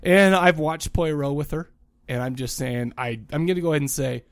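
A man's voice: a little high, moderate pace, dry recording, studio quality. A man co-hosting a podcast, chatting casually and rambling with frequent restarts. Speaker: podcast co-host.

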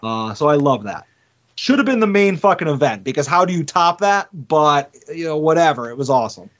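A man with a slightly high voice recaps matches with eager, rambling enthusiasm and some swearing. He talks in loose podcast chat. The audio is muffled and lo-fi. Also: lively intonation, a little fast. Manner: enthusiastic, swearing, thinking out loud. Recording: muffled lo-fi sound.

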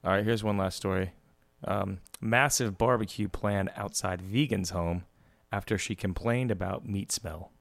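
A man's voice: deep voice, steady tone, measured pace, creaky, few pauses, no room sound. A man co-hosting a casual podcast, reading out headlines and thinking aloud with fillers. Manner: reads out headlines, hesitant fillers. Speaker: co-host.

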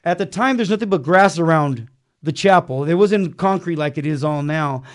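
A man's voice: a little high, moderate pace. Earnest slangy man telling his story. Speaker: interview guest. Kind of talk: casual personal testimony. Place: small studio beside a chapel.

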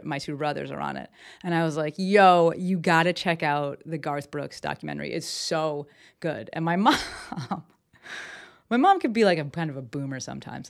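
Chatty, lower-pitched woman podcast host. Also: gravelly. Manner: rambling, enthusiastic, many fillers and restarts. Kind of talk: casual solo podcast chat. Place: at her desk at home. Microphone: desk mic with camera.

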